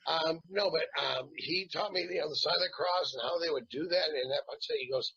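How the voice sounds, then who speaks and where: A man in his fifties with a bright, gravelly voice, spinning joking stories as an interview guest. His pitch swings widely, and the recording is dull and lo-fi. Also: brisk. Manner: animated joking storyteller. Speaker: actor guest. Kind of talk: casual interview chat. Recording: dull lo-fi sound.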